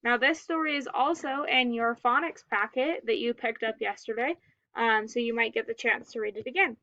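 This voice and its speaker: A woman teaching a phonics lesson to young children, giving slow and carefully enunciated word prompts. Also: fairly high pitch, steady tone, sharp tone, lo-fi sound.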